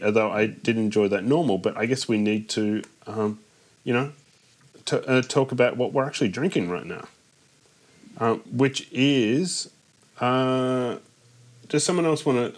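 A man hosting a casual chat, talking with many ums and restarts. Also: medium pitch. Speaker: podcast host.

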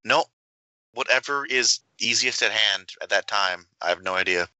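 Low-voiced male co-host with a sharp, bright tone and dry sound; relaxed, dry delivery. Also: normal speed, no room sound, low-quality recording. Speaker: podcast co-host. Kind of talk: casual podcast chat.

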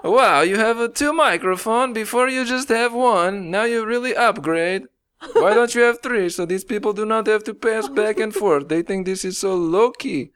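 A man's voice: a little high, flat delivery, fairly quick, few pauses, a little mellow. A man voicing a boastful, chatty man with an exaggerated put-on foreign accent and broken grammar.

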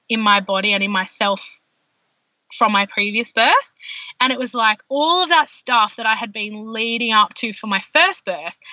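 A woman, a podcast guest telling her personal birth story in an animated way, full of fillers. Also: fairly high pitch, dry recording. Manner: animated, heavy use of filler words. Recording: dull lo-fi dry sound.

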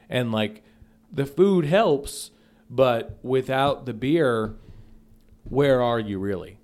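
A man's voice: medium pitch, animated, slow pace, a little mellow. A young man co-hosting a comedy podcast, arguing his side playfully and laughing mid-sentence. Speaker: podcast co-host. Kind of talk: casual comedic banter.

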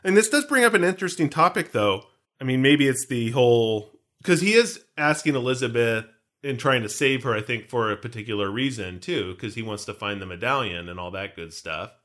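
A man's voice: mid-range voice, animated, a little fast, a bit bright. A man co-hosting a podcast, chatting casually and joking, rambling from point to point and dropping pop-culture references. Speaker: podcast co-host. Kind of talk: casual chat.

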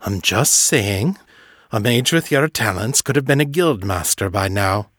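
A man voicing a gruff, curmudgeonly old male wizard with a clipped, grumbling way of talking. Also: fairly low pitch, animated, unhurried, a bit bright, no echo, studio quality.

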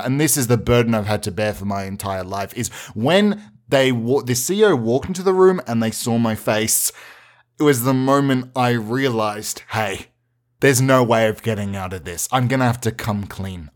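A man's voice: mid-range voice, moderate pace. A man hosting a podcast, telling a rambling, absurd comic anecdote with restarts and mock-serious asides. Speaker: podcast host. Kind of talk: improvised comic storytelling.

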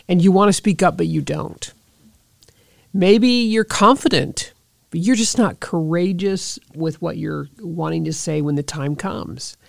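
Woman podcast host, motivational monologue, earnest and encouraging, some vocal fry, dry close sound. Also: lowish voice, a little mellow, no echo. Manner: earnest, encouraging, direct address with rhetorical questions.

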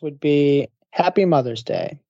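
A man co-hosting a podcast chat, adding short dry remarks in a somewhat high but mellow voice. The recording is dry and slightly muffled. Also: expressive, a little slow, vocal fry, no room sound.

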